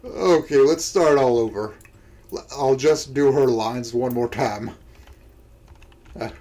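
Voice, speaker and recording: A man's voice: medium pitch, takes it slowly, warm tone. A man reading a visual novel aloud and commenting as he goes, crude and self-mocking, often breaking into laughter. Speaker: let's-play reader.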